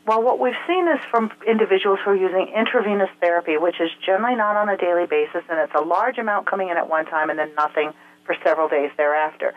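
A woman's voice: fairly low pitch, fast talker. A woman speaking as a health expert guest in an interview, explaining things step by step with frequent filler sounds. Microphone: telephone. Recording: tinny phone line.

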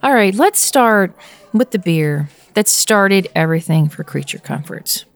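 A woman's voice: medium pitch, animated, unhurried, dry recording. A woman hosting a casual beer podcast, upbeat and guiding the conversation. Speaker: podcast host.

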